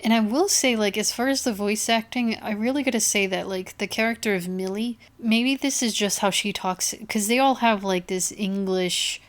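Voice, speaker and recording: A woman's voice: mid-range voice, moderate pace, few pauses. A woman co-hosting a podcast, chatting casually with some hesitation and casual swearing. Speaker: podcast co-host. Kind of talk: casual chat.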